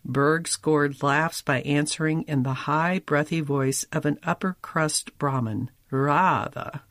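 A man narrating a long-form feature in a measured, articulate way, with a touch of wry emphasis. His voice sits a little higher than most men's. It is recorded close and dry, with no room sound. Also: fairly bright tone, no room sound. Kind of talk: scripted narration of a magazine feature.

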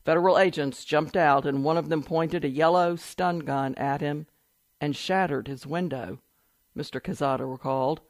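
A man reading a news article aloud in an even, measured way. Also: on the high side, no room sound. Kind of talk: read-aloud news report.

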